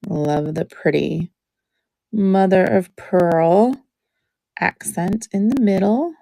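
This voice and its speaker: A woman hosting a live jewelry auction stream, chatting in a relaxed way as she describes each piece, with many ums. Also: fairly low pitch, slow, gravelly, no room sound.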